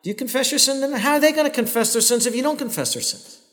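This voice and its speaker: A man's voice: very high-pitched, quick pace, a bit bright. Man preaching in an echoing church. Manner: earnest, direct preaching with voiced prayers and quoted excuses. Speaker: pastor. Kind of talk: sermon. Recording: long hall reverb.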